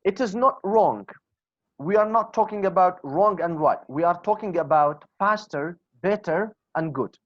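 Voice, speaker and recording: Male english teacher, kurdish native speaker, slow drilling pace, dull dry video-call audio. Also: high-pitched, animated, dry recording. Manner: slow, drills words aloud, asks and answers his own questions. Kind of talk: online English lesson.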